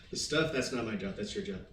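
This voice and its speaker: A man's voice: on the low side, fairly bright tone. A man acting as game master of a tabletop game, laid-back and hesitant, with many fillers. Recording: roomy distant mic, faint noise.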